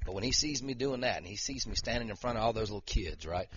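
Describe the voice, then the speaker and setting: A man's voice: on the low side, fast talker, few pauses, bright, forceful tone, breathy edge, dull audio. A middle-aged man, preaching a casual, conversational sermon with frequent "okay?" and "right?" checks to his listeners. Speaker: lay preacher and wrestling coach.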